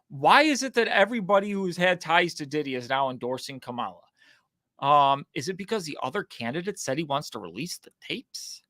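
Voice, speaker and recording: A man hosting political commentary, his pitch swinging all over the place as he mocks and needles. The sound is dry and close, with no room in it. His delivery is sarcastic and casual. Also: no echo. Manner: mocking, sarcastic, animated.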